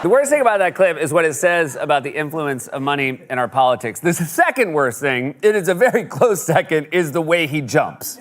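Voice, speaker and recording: A man's voice: fairly high pitch, brisk, few pauses, a crowd in the background. Sarcastic male comedy host. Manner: sarcastic, mock-exasperated. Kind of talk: scripted comedic monologue.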